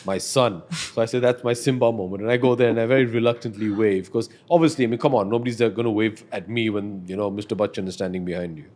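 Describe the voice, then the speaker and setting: A man's voice: on the low side, fast talker, few pauses. A man, earnestly telling a personal story as a podcast guest. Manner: earnest, reflective, animated when telling stories.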